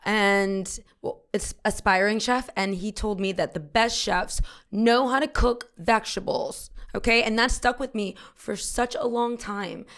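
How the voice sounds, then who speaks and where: Quick, enthusiastic woman co-host. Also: mid-range voice, a bit bright. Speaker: podcast co-host. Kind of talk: casual podcast chat.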